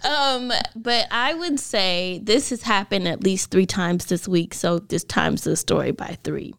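30s woman podcast host, raspy fry but clean voice, rambles on. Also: medium pitch, a little slow, a bit bright. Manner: rambling, laughs easily. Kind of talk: casual chat.

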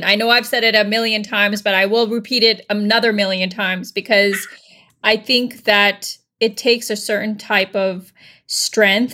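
A woman's voice: mid-range voice, a bit bright. A woman interviewing a guest, encouraging and admiring as she responds. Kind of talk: podcast interview.

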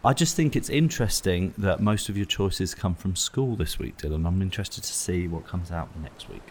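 A man hosting a comedy podcast, talking in a relaxed, wry, playful way. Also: deep voice, moderate pace, slight background noise. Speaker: podcast host. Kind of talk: casual comedy chat.

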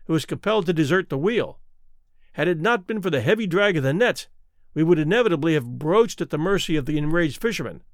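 Brief: male reader, classic story narration, slightly high, very lively pitch, dry close mic. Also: dry recording. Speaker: audiobook reader.

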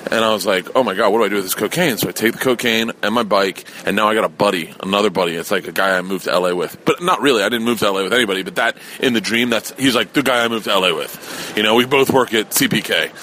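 Man, casual storytelling, rambling and profane, animated, faint noise behind. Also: lowish voice, quick pace. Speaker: podcast host recounting dreams.

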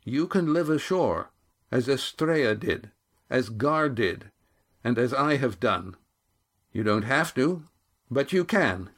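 A man's voice: mid-range voice, lively intonation, slow, fairly bright tone, pitched above the performer's own voice. A man voicing a young seafaring grandson who speaks earnestly and declaims a proclamation. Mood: proclaiming.

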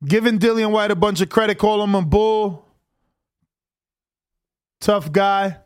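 A man hosting a livestream, reacting to a fight with slangy, excitable commentary. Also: sits high, measured pace, smooth. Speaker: livestream host. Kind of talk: casual live watch-along commentary.

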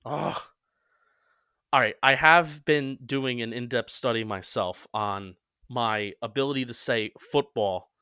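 Bright-voiced young man, casual sports chat. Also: medium pitch, smooth, no room sound, clean studio sound. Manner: quick, self-mocking, stumbles into restarts. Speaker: podcast co-host.

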